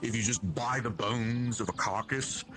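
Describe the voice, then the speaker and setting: A man's voice: medium pitch, moderate pace, a bit bright. A man in casual in-character role-play talk, rambling with many fillers and restarts. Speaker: tabletop role-play player. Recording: music playing behind.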